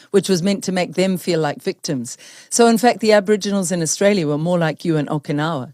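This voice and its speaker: Low, dry-voiced New Zealand woman host. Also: quick pace, a little mellow, no echo. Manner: earnest, emphatic, asks guests to agree. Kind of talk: conversational interview.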